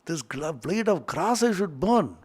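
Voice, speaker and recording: Man doing a cocky fire god, brags and gets all indignant, highish voice. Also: animated, measured pace, husky, full character voice. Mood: boastful outrage. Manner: boastful, indignant. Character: proud, hot-tempered male fire god.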